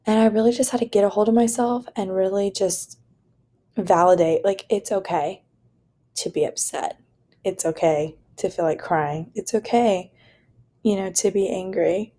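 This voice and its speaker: A woman's voice: medium pitch, moderate pace, mellow. A young woman hosting a solo podcast, talking in an earnest, rambling way with lots of "like" and "you know". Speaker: podcast host. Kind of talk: casual solo podcast monologue.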